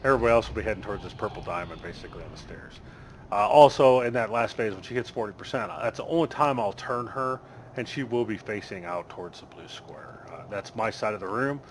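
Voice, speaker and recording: A man's voice: on the low side, quick pace, slight background noise. A man leading a raid over voice chat. He explains the fight bluntly, swears, and is losing his voice. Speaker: raid leader.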